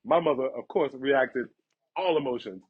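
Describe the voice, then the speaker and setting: Husky-voiced man telling animated stories. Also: normal speed. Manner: animated, laughs through stories, acts out quotes in a higher voice. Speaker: podcast host. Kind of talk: casual storytelling chat. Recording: dull lo-fi sound.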